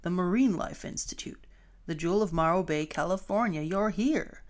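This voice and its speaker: A woman voicing a grumpy male septopus in a storybook read-along, low and dry. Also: moderate pace, close to an everyday voice. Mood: gruff.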